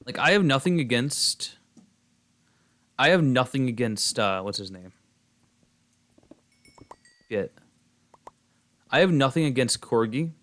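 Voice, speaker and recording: A young male streamer chatting loosely with his viewers while he plays. He rambles, trips over his words and restarts often, filling gaps with "like". His voice sits at an ordinary middle pitch. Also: animated, slow pace, pauses often, fairly bright tone. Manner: rambling, many fillers and restarts. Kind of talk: casual chat while gaming.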